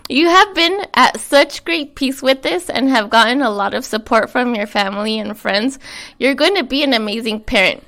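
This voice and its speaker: A young American woman with a lingering cold, reading a heartfelt letter to herself in a fairly high voice. She talks frankly and earnestly, swearing casually as the chat loosens up. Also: bright, forceful tone. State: getting over a cold, short of breath. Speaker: podcast co-host.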